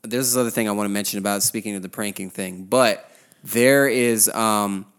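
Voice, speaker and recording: A man co-hosting a podcast, telling a story in animated, slangy casual chat. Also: fairly low pitch, normal speed, smooth. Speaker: podcast co-host.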